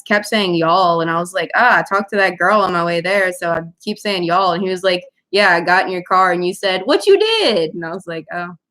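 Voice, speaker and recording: A young Louisiana woman, a writer, hosts a laid-back livestream, chatting with viewers and answering their comments. Her voice is on the low side, pushed and bright.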